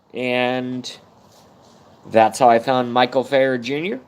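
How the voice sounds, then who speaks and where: A man's voice: mid-range voice, steady tone, slow, a little mellow. A man hosting his own live stream, talking in a blunt, profane, rambling monologue and holding back tears at times. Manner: profane, blunt and swings between energy and fighting tears. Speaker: YouTube livestream host.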